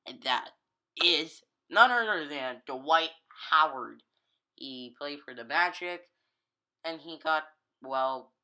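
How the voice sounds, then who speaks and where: A gaming YouTuber with a slightly high, sharp voice talks casually over his basketball video game in a low-quality recording. A little tired and yawning, he rambles and halts, correcting himself as he goes.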